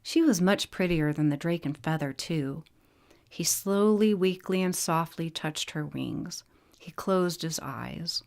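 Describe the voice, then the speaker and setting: Woman reading a fantasy book aloud, plain even narration, kinda low voice. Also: unhurried, gravelly. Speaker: audiobook narrator. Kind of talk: storybook reading.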